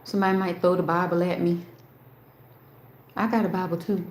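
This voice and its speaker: A woman's voice: on the low side, flat delivery, a little fast, a little mellow, a little hiss or hum. A woman hosting a casual live stream, rambling and talking straight to her chat, swearing freely. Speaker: livestream host. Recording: roomy echo.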